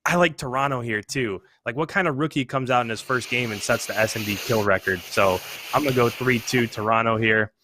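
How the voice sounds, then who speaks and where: A man who coaches esports, talking casually as a podcast guest and giving steady predictions. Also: mid-range voice, fairly quick, background noise.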